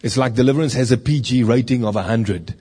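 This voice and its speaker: A man's voice: medium pitch, fast talker, warm tone, breathy edge. A man preaching a sermon in a conversational way, with rhetorical questions and stories from his meetings.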